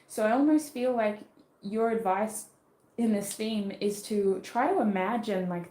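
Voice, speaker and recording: An Australian woman gives a relaxed, chatty tarot reading. She thinks aloud as she goes, often restarting her sentences, and her voice sits in a mid range for a woman. The recording has a noticeable echo from the room. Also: medium pitch. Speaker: tarot reader. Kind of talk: casual livestream tarot reading.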